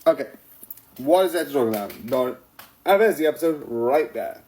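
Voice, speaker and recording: A man's voice: mid-range voice, expressive, normal speed, darkish tone, poor audio. Rambling young-sounding man chatting casually. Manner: rambling, laughs often, restarts sentences. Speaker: vlogger reviewing TV episodes.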